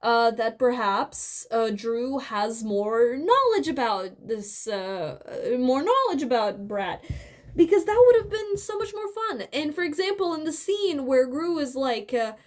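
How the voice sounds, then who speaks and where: High-voiced woman rambling a film critique. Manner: animated, rambling, many fillers and restarts; acts out scenes with quick voices. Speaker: video essayist. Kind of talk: casual opinion commentary.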